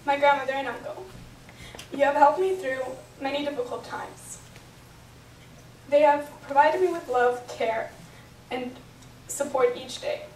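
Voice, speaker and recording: A woman's voice: high-pitched, steady tone, a little slow, pauses often, darkish tone, slight background noise. A young woman reading an earnest, emotional prepared speech at a celebration, recorded from far off in an echoey hotel function room. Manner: earnest, reads from notes, emotional. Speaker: bat mitzvah speaker.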